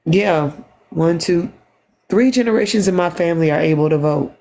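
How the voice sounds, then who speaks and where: A tired woman talking on a phone livestream, halting and repeating herself as she speaks with emotion. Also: lowish voice, gravelly, dark tone. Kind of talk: emotional casual livestream talk.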